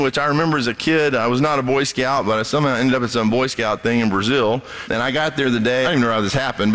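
A man preaching a sermon, animated, acting out quoted voices as he goes. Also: fairly high pitch. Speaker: pastor.

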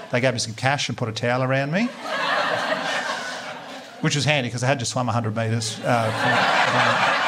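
A man's voice: mid-range voice, a bit bright, a little hiss or hum. An Australian man performing a stand-up comedy set, telling wry stories and chatting with the crowd. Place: comedy club stage with a laughing audience.

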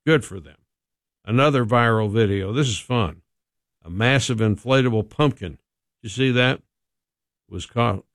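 A male radio host giving casual, chatty morning news items and phone tips, often pausing with "uh". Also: mid-range voice, no echo, clean studio sound. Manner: casual, chatty, with frequent "uh" fillers.

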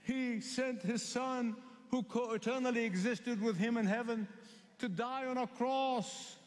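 A man from the Middle East delivers a sermon in a notably high voice. He drives points home by repeating phrases and slowing down on the words he stresses. His voice rings with the long reverb of a large hall. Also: steady tone. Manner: emphatic and repetitive, with slow stressed phrases. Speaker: preacher.

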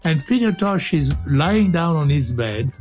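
A man's voice: fairly high pitch, lively intonation, a little slow, darkish tone, faint music behind. An older man hosting a radio show, clowning through studio outtakes in a playful, joking way. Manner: playful, clowning, breaks into silly singing and laughs.

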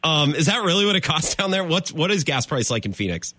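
Guy hosting sports radio, high lively voice, ranting like he's fed up, dry studio sound. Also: a little fast, no echo. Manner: emphatic, mock-exasperated ranting. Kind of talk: animated sports talk radio.

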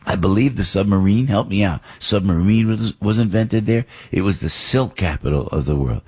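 A man hosting a radio talk show, rambling and animated, often asking rhetorical questions. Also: lowish voice, normal speed, husky. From New Jersey. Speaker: radio host.

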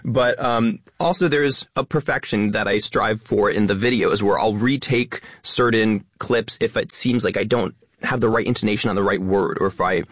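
A man talking quickly as a guest in a radio interview, stressing many of his words to keep listeners engaged. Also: on the low side, husky, no echo, studio quality. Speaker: guest, educational influencer.

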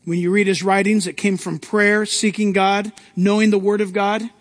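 A man's voice: high-pitched, flat delivery, moderate pace, in a large hall. A male pastor preaching a sermon to a congregation, with emphatic rising outbursts.

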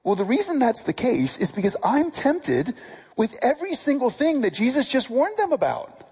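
A pastor preaching with a husky voice whose pitch swings widely and with feeling. The delivery is earnest. Sentences often start with a repeated word, and questions are put to the listeners. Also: huge pitch swings, normal speed, darkish tone. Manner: earnest, stammers on first words, asks the congregation questions. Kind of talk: sermon.

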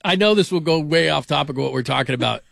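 A middle-aged man hosting a sports talk show, chatting casually and telling animated stories. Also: a little high, quick pace, vocal fry, dry recording, studio quality.

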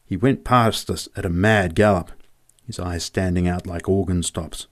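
A man reading a humorous memoir story aloud in a vivid, measured way. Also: deep voice, fairly even intonation.

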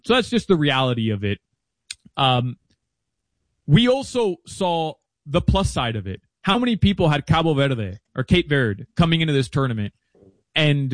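A man chatting as a guest analyst about soccer betting, chatty and animated with quick asides. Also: mid-range voice, no room sound. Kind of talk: casual interview chat.

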